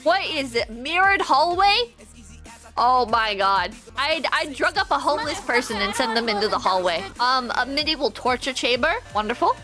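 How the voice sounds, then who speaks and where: A woman's voice: high-pitched, lively intonation, normal speed, bright, forceful tone, faint music behind. A woman streamer in casual livestream commentary, rambling and joking with plenty of swearing. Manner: profane, rambling, jokey.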